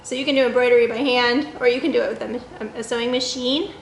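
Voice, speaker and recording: A woman leading an online story time for children, chatting gently and asking the kids questions. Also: a little high, fairly even intonation, fast, roomy sound, a little hiss or hum, poor audio. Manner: reads the quacks in a bouncy sing-song. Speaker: children's librarian.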